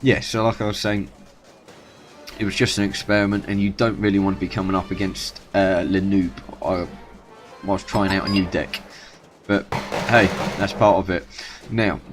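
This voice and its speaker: Over background music, a gaming YouTuber with a low-pitched voice narrates his own strategy match at normal speed, his delivery flat and broken by long pauses. His casual commentary wanders and self-corrects as he chats along.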